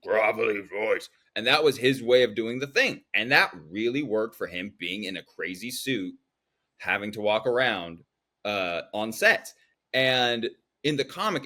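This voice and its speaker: A man's voice: mid-range voice, bright, forceful tone. A man hosting a podcast chat, ranting heatedly about a film's casting. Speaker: podcast host. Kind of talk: casual chat.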